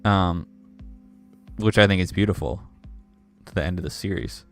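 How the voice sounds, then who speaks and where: A man's voice: low voice, moderate pace, gravelly, soft background music. A young man co-hosting a casual fan review podcast, talking in an earnest, enthusiastic way. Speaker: podcast co-host.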